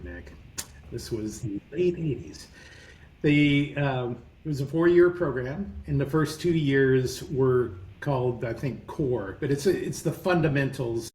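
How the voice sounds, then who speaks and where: A man in his fifties telling rambling, animated stories as a podcast guest. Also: medium pitch, roomy sound, poor audio. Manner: rambling, animated, self-correcting anecdotes. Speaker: guest entrepreneur. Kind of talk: conversational interview storytelling.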